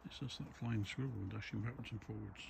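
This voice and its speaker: A man who films wildlife at his home, talking softly and coaxingly to raccoons outdoors. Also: fairly low pitch, steady tone, fast, vocal fry, background noise. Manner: soft, coaxing baby-talk to wild animals. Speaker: wildlife vlogger feeding raccoons. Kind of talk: casual talk to animals while filming.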